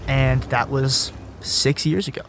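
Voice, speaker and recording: A man's voice: mid-range voice, fairly even intonation, unhurried, fairly bright tone, a little hiss or hum. A young man in his twenties telling a story about dropping out of school in a casual podcast chat, swearing freely.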